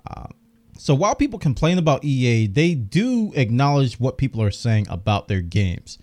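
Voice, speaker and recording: A chatty male podcast host who talks over gaming news with real enthusiasm. His pitch swings widely as he gets excited. His voice sounds slightly worn from a long show. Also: normal speed. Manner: enthusiastic, chatty, reads out game details. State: losing his voice, coughing. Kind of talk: casual news commentary.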